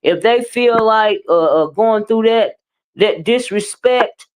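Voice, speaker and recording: A woman's voice: fairly high pitch, darkish tone. Sassy woman hosting a gossip stream. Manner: sassy, drawn-out, emphatic. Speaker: live-stream commentary host. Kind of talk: casual gossip commentary.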